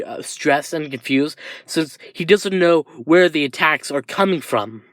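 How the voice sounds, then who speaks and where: A man's voice: a little high, a bit bright, no echo, studio quality. A man improvising a fan story aloud, rambling and hesitant with many restarts.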